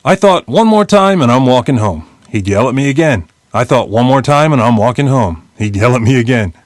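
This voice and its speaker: A man in his fifties from New Jersey, reading his own memoir as an audiobook in a blunt, lively storytelling way with casual swearing. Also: medium pitch, dry recording, clean studio sound. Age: 50s. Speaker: memoir narrator.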